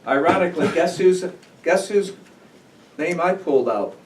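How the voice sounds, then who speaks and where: A man's voice: on the high side, lively intonation, normal speed. A man hosting a club meeting, chatty and upbeat as he introduces the speakers. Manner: upbeat, chatty, laughing at himself. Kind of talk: casual emceeing. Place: meeting room. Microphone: room mic from a distance. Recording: echoey room, distant mic, background noise.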